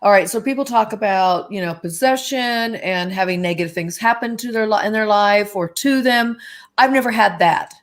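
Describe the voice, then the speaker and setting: A woman guest on a live-stream chat, telling stories in a lively, chatty way and acting out the voices in them. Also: mid-range voice, moderate pace. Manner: animated storyteller, acts out quoted dialogue. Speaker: guest medium.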